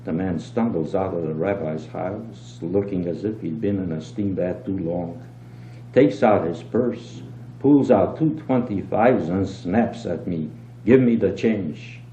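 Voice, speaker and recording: Older man reading a story, low mellow voice. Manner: lively storyteller, brisk and dropping low on asides. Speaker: reader. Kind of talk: reading a short story aloud. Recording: dull, roomy old home tape with hum.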